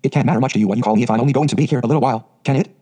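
Guy reading as a chatty dreamy orphan girl, fast and mellow, husky edge, storybook. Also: medium pitch, close to an everyday voice. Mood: eager. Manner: dreamy, gushing, dramatic phrasing. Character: eager talkative orphan girl of eleven.

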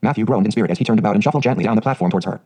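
A man narrates a storybook in a steady, scripted reading. He moves very fast, in a dark, mellow tone. The voice has a husky grain. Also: on the low side, rough recording. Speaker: audiobook narrator.

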